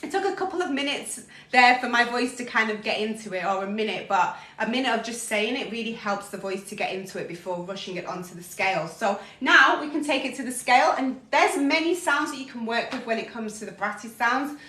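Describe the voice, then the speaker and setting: A woman vocal coach talking casually through her warm-up routine, relaxed and chatty, breaking into sung practice sounds. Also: a little high, fairly quick, few pauses. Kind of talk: casual vocal warm-up lesson on a live stream. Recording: echoey room, voice a little off-mic.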